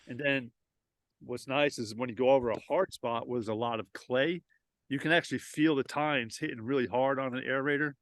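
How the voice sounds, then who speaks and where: A man's voice: medium pitch, steady tone, brisk, a bit bright, dry recording. A man who runs a lawn renovation business, talking loosely in a casual interview with frequent restarts, outdoors at his home.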